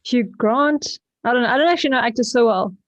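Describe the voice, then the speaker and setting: A woman with a South African accent chats as a podcast guest, rambling and dropping fillers as she goes. Her voice sits a little high. The recording is dry and a bit muffled. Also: fast, no room sound. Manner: chatty, rambling with fillers and laughs. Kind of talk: casual chat.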